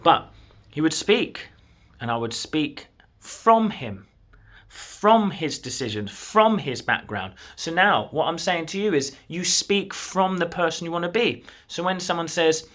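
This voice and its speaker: A man's voice: on the high side, lively intonation, a little slow, a bit bright. A man, a coach, giving an earnest, encouraging motivational talk straight to the viewer from his desk. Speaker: manifestation coach. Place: at a desk in his own room.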